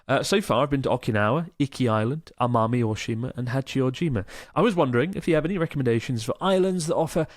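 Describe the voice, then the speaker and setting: A man's voice: medium pitch, quick pace, few pauses, dry recording. Chatty male podcast host, dry sound. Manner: chatty, enthusiastic, swears casually. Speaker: podcast co-host reading listener emails. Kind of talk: casual podcast chat.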